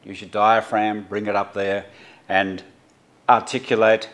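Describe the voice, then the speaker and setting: Halting Australian man teaching. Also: lowish voice, level tone, fairly bright tone. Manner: halting, many fillers and restarts, practical instructions. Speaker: journalism lecturer. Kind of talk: unscripted tutorial talk.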